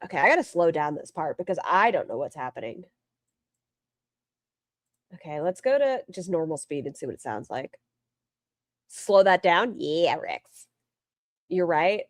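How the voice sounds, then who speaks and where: A woman's voice: sits low, big pitch swings, unhurried, long pauses, no echo, clean studio sound. A woman streamer giving casual, sarcastic commentary while reacting to a video and greeting her chat. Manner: sarcastic, teasing asides to chat.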